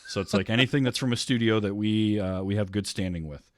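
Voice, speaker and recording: A man with a low voice talks through a movie on his podcast, rambling and filling pauses with ums. He now and then acts out lines from scenes. The sound is dry and close. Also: no room sound. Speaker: podcast host. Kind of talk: casual movie chat.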